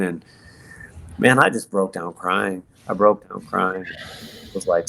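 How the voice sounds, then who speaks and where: Low gravelly man telling his story. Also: bright, forceful tone. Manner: earnest, halting, many fillers and restarts. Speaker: podcast guest. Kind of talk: personal testimony in conversation.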